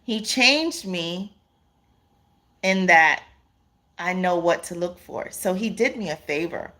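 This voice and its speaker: A woman's voice: lowish voice, a little slow, fairly bright tone. A woman hosting a casual live stream, reading viewer comments aloud, laughing often and calling her viewers "y'all" and "honey".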